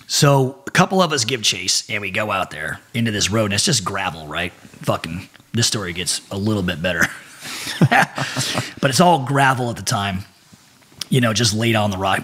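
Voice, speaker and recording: A man in his forties, a podcast guest, telling a profane, animated story with frequent laughter. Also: fairly low pitch, breathy edge. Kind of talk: casual storytelling.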